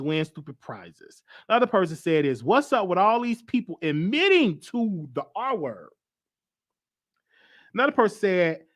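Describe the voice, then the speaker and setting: A man hosting his own live show in a loose, casual way. His voice sits high for a man and swings widely in pitch as he presses his points. He often repeats himself and reads comments aloud. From United States. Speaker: host.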